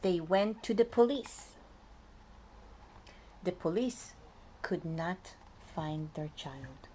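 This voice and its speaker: A woman reading a picture book aloud to young children as their preschool teacher, lively and often dropping to a soft whisper to talk to them. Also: on the low side, slow, a little hiss or hum.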